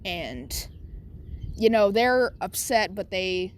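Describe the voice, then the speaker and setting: A woman's voice: mid-range voice, sing-song, takes it slowly, a little hiss or hum. A woman casually making up and narrating a fan story, rambling with lots of fillers and restarts.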